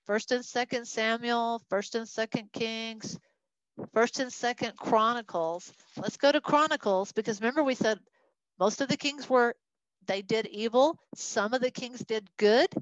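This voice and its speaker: A fairly high-pitched woman leads a Bible study with animated delivery, acting out the voices of the people she quotes. The sound is dry and a little dull. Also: a little slow, dry recording. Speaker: Bible teacher.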